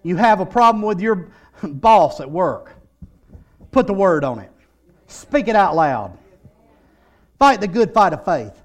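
A middle-aged male pastor preaching a sermon, telling stories and building to loud, shouted declarations. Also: sits high, animated, a little slow, long pauses.

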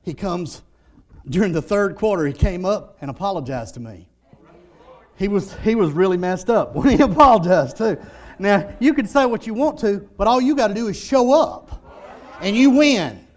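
A male pastor with a high voice that swoops widely in pitch. He preaches in waves, dropping low for stories and then climbing into loud, fervent declarations. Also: lively intonation, normal speed. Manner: preaching with rising shouted declarations and storytelling. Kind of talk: sermon.

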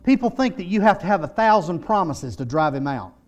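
A middle-aged male pastor preaching a sermon, telling stories and building to loud, shouted declarations. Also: sits high, big pitch swings, brisk, lo-fi sound.

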